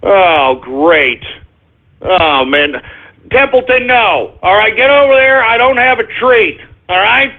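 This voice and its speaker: Exasperated man with a high voice, rambling and repetitive, heard down a tinny phone line. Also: expressive, takes it slowly. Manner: exasperated, repeats himself, ends up shouting at a dog. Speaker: radio show talker. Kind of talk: rambling live radio talk.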